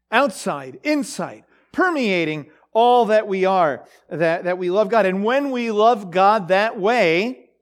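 A man giving a conversational Bible teaching, halting with many fillers and restarts and asking his listeners questions. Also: high voice. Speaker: preacher.

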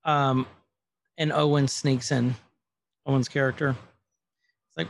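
Gravelly man recapping a show. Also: medium pitch, fairly even intonation, unhurried, long pauses, slight background noise. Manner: acts out dialogue quotes. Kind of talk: casual recap chat.

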